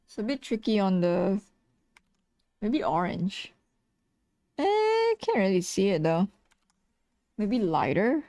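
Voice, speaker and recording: A woman's voice: mid-range voice, huge pitch swings, slow pace, long pauses, mellow, dry recording, studio quality. A tired woman streaming as she draws, chatting casually, laughing a lot, swearing and teasing herself. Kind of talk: casual chat while drawing on stream.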